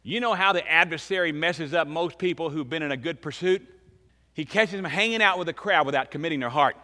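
A man in his fifties preaching a sermon as pastor, emphatic, swinging between loud and hushed. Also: fairly high pitch, a little fast. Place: church sanctuary. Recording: long reverb of a large church hall.

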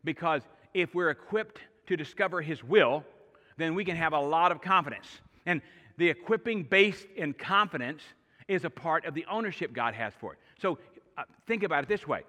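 A middle-aged male pastor preaching with a bright, forceful voice set a little high for a man. He tells his stories in an animated way, speeding up and slowing down. The sound carries the long reverb of a large church hall. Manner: animated storytelling, shifting pace and loudness. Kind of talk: sermon.

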